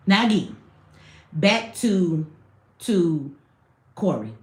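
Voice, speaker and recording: A woman's voice: sits high, expressive, fairly quick, fairly bright tone, echoey room. A woman hosting a livestream, talking bluntly to her chat with plenty of cursing. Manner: blunt, profane, talks straight to chat. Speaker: livestream host. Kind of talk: livestream commentary.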